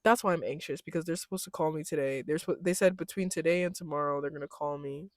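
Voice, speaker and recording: Low-pitched and quick, she chats casually as a vlogger, spinning an animated, slangy story. She laughs a lot and slips into loud mocking impressions whenever she quotes someone, all captured in clean, echo-free studio sound.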